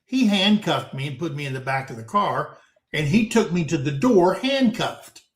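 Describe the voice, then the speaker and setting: A man's voice: on the high side, sing-song, moderate pace. A man in his sixties telling a story from his youth as host of a casual panel chat over a video call, in a folksy way that keeps calling his listeners guys. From United States. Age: 60s. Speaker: talk show host. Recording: roomy echoing room.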